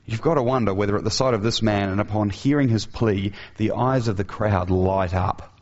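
A man's voice: fairly low pitch, brisk, vocal fry, a little mellow. A man preaching an earnest sermon who asks his listeners rhetorical questions, in a dull, lo-fi recording.

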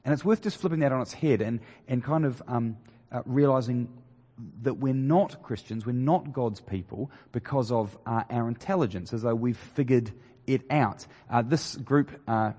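A man preaching a sermon in a conversational, halting way, with many fillers and restarts, in a church hall. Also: medium pitch, a little mellow. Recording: long hall reverb.

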